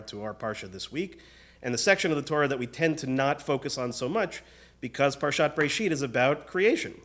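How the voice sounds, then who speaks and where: A rabbi delivering an earnest, measured sermon in a synagogue, often turning questions to the congregation. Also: male voice, a little high, fairly bright tone. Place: synagogue sanctuary.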